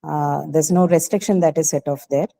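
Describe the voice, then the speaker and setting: A woman's voice: low-pitched, steady tone, moderate pace, vocal fry, warm tone, slight background noise, low-quality recording. A woman teacher explaining a grammar point patiently in an online class, often checking in with the students. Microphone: video call.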